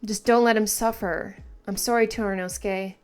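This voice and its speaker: Girl reading out a lonely old mountain guy, folksy, gentle, plain everyday voice. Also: medium pitch, fairly even intonation, moderate pace, smooth, faint music behind, close to an everyday voice. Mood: tender.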